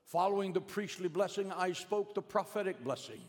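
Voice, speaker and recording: Middle-aged male preacher, storytelling sermon, hushed-to-emphatic swings, slightly raised pitch, echoing in a big hall. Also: animated, moderate pace. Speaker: pastor. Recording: long hall reverb.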